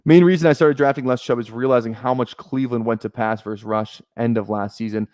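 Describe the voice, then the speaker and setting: A young man chats casually on a live stream, thinking aloud and often restarting his sentences. His voice sits at an average pitch. The recording is dry and close, with no room echo. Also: fairly even intonation, fast talker, darkish tone. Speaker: fantasy football streamer.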